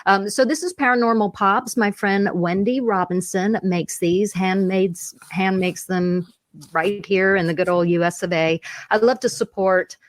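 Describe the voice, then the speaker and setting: A woman's voice: mid-range voice, fairly even intonation, measured pace, no echo. A woman co-hosting a radio show, chatting in a bubbly, enthusiastic way. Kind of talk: casual radio chat.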